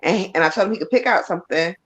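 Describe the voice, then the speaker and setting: A frank, chatty woman doing a live tarot reading, her voice sitting a bit low. The stream audio sounds dull and lo-fi, and she mixes blunt jokes with spirit messages. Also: rapid-fire, slightly rough. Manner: frank, chatty, laughs and curses freely. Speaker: psychic reader.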